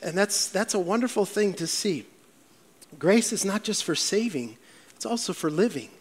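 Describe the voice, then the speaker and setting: A man preaching a sermon as a pastor in a church, telling stories with animated, voiced quotes. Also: high voice, normal speed, husky, big-room sound.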